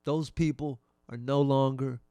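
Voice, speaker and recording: A man's voice: mid-range voice, fairly even intonation, unhurried, warm tone, smooth, dry recording. A middle-aged man and comedian hosting his own podcast, musing in a wry, conversational monologue. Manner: wry, conversational, trailing off and restarting.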